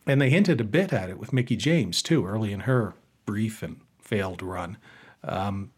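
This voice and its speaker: A man co-hosting a casual podcast, talking in an animated, joking way. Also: on the low side, husky. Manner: animated, joking, quick to riff. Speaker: podcast co-host. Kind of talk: casual chat.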